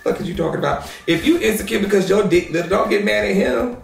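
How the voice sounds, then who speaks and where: A high-pitched man with a gravelly, creaky edge rants about celebrity drama, sassy, loud and full of profanity. He sits back from the mic in a roomy, echoing space, with faint music underneath. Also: fast talker. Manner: sassy, loud, swears a lot, mocking. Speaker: gossip commentary host. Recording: roomy echo, distant from mic.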